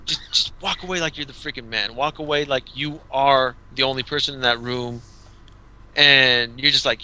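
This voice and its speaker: Man, podcast host, very bright tone, rambling animated storyteller. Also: medium pitch, normal speed, smooth, low-quality recording. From Southern California. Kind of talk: casual chat.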